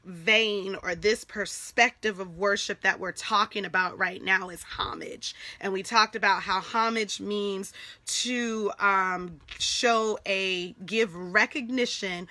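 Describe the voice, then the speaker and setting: Bright, lively-voiced woman teaching Bible study. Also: medium pitch, slow, no echo. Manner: conversational and encouraging, with frequent "okay?" asides; repeats words and restarts as she thinks aloud.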